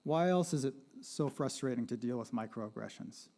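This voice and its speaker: A man's voice: mid-range voice, normal speed, vocal fry, warm tone. A man giving a lecture-style talk at a gallery panel, conversational, checking in with "right?" and asking the audience questions. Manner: asks the audience questions and invites participation. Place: art gallery panel event.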